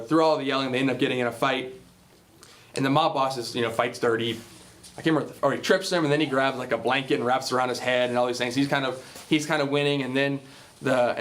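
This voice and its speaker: A man talks to a Bible class in a loose, rambling way, retelling a film before drawing a spiritual lesson from it. His voice sits at an ordinary middle pitch. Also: fairly bright tone. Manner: rambling, many fillers and restarts. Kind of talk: casual retelling of a film with a moral.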